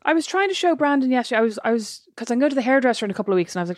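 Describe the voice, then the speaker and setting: Fast-talking Irish woman telling stories. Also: fairly high pitch, no echo, studio quality. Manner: animated storyteller, exasperated asides. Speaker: podcast co-host. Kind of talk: casual chat.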